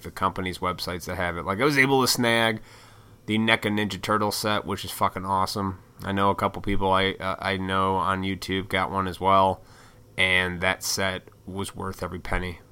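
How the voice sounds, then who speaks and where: A man's voice: low voice, sharp tone, clean tone. A young man chatting casually on his own, a YouTuber and toy collector, rambling and swearing freely with lots of fillers, speaking into a desk mic in a small, hot home room. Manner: rambling and profane, with many fillers. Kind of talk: casual solo chat.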